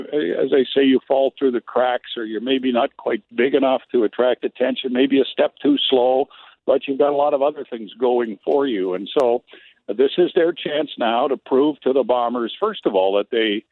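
A man calls in a sports report in a brisk, chatty way, his pitch jumping up now and then. The line is tinny and phone-like, and the sound is dry with no room to it. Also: dry recording. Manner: brisk, chatty, with lively rises.

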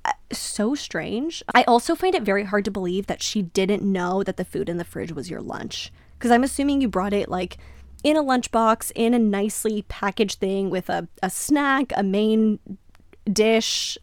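A woman podcast host reads a listener's story aloud on a podcast microphone, then reacts to it with lively, emphatic comments. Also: medium pitch, normal speed, dry recording.

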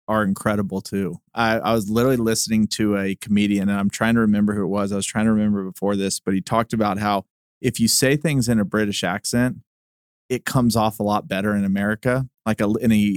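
Friendly low-voiced male podcast host. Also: dry recording, studio quality. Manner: friendly, curious questioning, quick laughs. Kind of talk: casual interview chat.

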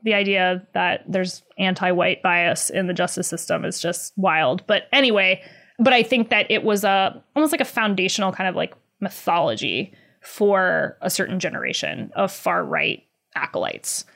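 Animated, chatty woman journalist. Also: fairly low pitch, moderate pace, gravelly. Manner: animated, many "like" fillers, sarcastic laughs. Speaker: journalist guest. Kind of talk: conversational interview.

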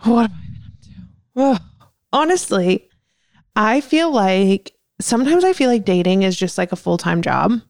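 A woman's voice: medium pitch, sing-song, a little slow, gravelly, pauses often, darkish tone, no echo, studio quality. A young woman co-hosting a podcast, chatting in an upbeat, casual way. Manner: chatty, upbeat, uses "dude" and "honey". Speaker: podcast co-host. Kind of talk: casual chat.

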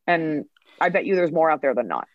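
A woman comedian, a guest on a podcast, telling stories in an animated way and acting out bits of dialogue. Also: low-pitched, fairly quick, dry recording, phone-quality sound. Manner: animated storytelling, acts out dialogue. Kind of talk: podcast interview.

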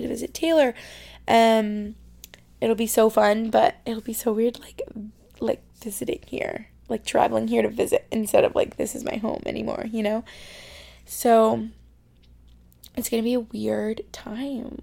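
A young woman from New York State chatting casually as a podcast host, full of "like" fillers and sometimes dropping into soft, whispery asides. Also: fairly high pitch, gravelly. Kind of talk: casual chat. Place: her bedroom.

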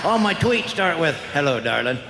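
A man's voice: on the high side, very animated, normal speed, vocal fry, roomy sound, very noisy, voice pushed up. A man playing a crude, rambling redneck in a stand-up character bit, with folksy griping.

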